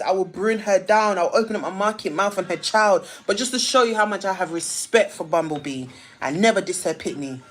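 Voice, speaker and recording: Ranting woman on a livestream. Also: medium pitch. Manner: emphatic, repetitive, ranting. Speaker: live streamer. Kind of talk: heated live-stream rant.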